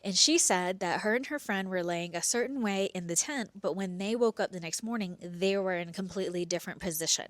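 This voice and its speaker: A woman hosting and telling her own true story, expressive, dropping into hushed whispers and swinging between slow and quick delivery. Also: lowish voice, no echo. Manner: pace swings between slow drawn-out and rushed. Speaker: podcast host telling a personal story. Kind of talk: first-person storytelling.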